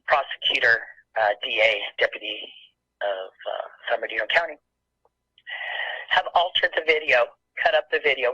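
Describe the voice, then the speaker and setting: A man's voice: mid-range voice, pushed and bright, slightly rough, dry recording. A man leaving an angry, agitated public comment by phone, speaking emphatically. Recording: muffled phone line.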